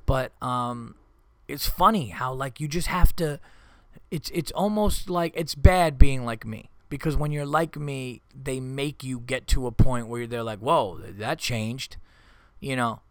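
A man's voice: mid-range voice, unhurried, clean tone, no echo. A father hosting a podcast, telling rambling comedic stories in casual chat and acting out his family's quoted lines. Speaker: podcast host.

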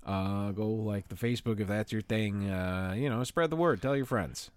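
Laid-back profane man, low-ish voice. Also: normal speed, clean tone, dry recording. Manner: loose and profane, laughs often. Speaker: podcast co-host. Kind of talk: casual chat.

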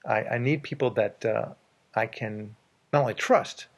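Gravelly, husky man giving emphatic advice. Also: medium pitch, measured pace. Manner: emphatic, repeats words for stress; tells personal anecdotes about work. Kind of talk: casual advice chat.

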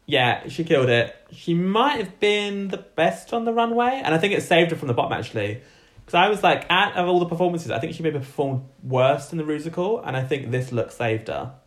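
A man co-hosting a podcast, giving blunt, quick opinions in casual chat. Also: a little high, lively intonation. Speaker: podcast co-host.

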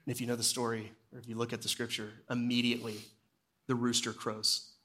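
Male pastor, mid-range voice, narrative sermon delivery, hushed at solemn moments. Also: completely flat delivery, brisk. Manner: storytelling, drops low and quiet for solemn moments. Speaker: executive pastor.

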